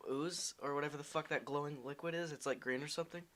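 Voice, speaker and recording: Young dude talking really fast, puts himself down a lot, slight hiss in the background. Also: male voice, on the high side, steady tone, fairly bright tone. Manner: self-deprecating, swears, blunt. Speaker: podcast co-host. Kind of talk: casual chat.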